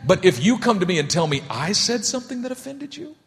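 Animated pastor in an echoey hall. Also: male voice, high-pitched, fast. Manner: animated, acts out voices for humor. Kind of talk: sermon. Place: church.

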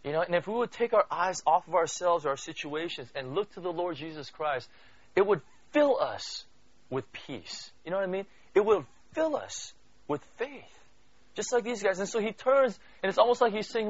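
A high-voiced Bible teacher speaks at a normal pace in a conversational sermon, quizzing listeners and relying on "you know" and "right?" The sound is dry, dull, and lo-fi.

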